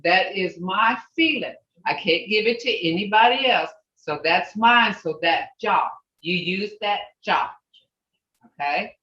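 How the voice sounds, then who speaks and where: A woman's voice: medium pitch, unhurried, pushed and bright. A woman teaching an online language class over a video call, patiently calling on students one by one and coaching them through each phrase. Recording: roomy, distant, dull video call audio.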